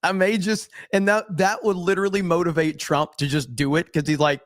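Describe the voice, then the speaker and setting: A man's voice: high-pitched, fairly even intonation, a little fast, few pauses, a bit bright, no echo, studio quality. A man hosting a live stream, commenting on news clips in an emphatic way and repeating his points. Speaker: streamer host.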